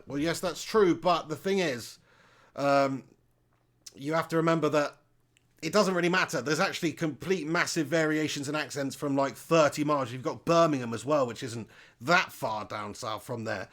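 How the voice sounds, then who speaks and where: Guy doing a live footy watch-along, jokey banter, reads chat out, a bit high voiced. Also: moderate pace. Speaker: live stream host. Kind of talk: casual football watch-along commentary.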